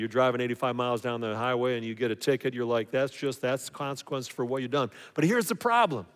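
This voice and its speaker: A man preaching a conversational sermon as a pastor, briefly acting out the voices of the people he quotes. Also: fairly high pitch. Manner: conversational, acts out voices of others. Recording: long hall reverb.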